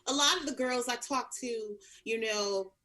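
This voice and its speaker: A woman's voice: fairly high pitch, slow, pushed and bright. A woman in her thirties speaking as an interview guest, sassy and outspoken, calling people honey. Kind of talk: casual interview chat.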